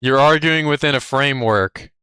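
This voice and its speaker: A man's voice: medium pitch, moderate pace, bright, forceful tone, clear, resonant tone, no echo, clean studio sound. A man streaming live, chatting casually in a brash, profane, cocky way. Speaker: livestreamer.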